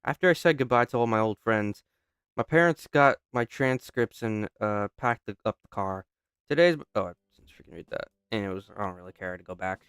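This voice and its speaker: A young man reads through a game out loud, commenting casually as he plays. He often stops mid-line, restarts, and slips into quick joking asides. His voice is smooth and resonant, recorded dry on a close mic. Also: on the low side, dry recording. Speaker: gamer. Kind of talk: casual playthrough commentary, reading game text aloud.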